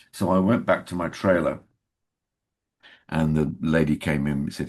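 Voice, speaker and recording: Older english guy, raspy and gravelly, telling stories and doing the lines in a hushed voice. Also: extremely low pitch, normal speed. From England. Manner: storytelling, acting out quoted dialogue in a hushed voice. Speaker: actor guest. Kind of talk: casual interview anecdotes.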